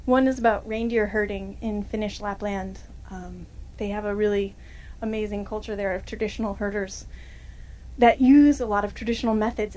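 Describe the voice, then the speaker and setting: A woman's voice: medium pitch, darkish tone. A young woman filmmaker answering audience questions after a screening, in a chatty way full of fillers and restarts.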